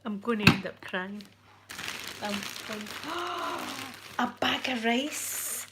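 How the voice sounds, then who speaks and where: Scottish woman, vlog host, emotional and excitable, slow delivery, noisy crinkling recording. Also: on the high side. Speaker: channel host. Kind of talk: casual unboxing vlog.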